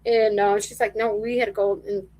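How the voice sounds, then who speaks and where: A woman's voice: mid-range voice, little pitch movement, a little fast, mellow, poor audio. A woman from the American Midwest chatting as a guest on a live stream over a video call, laughing often and acting out quoted conversations. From Midwest US, born in Michigan. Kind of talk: casual chat on a live stream.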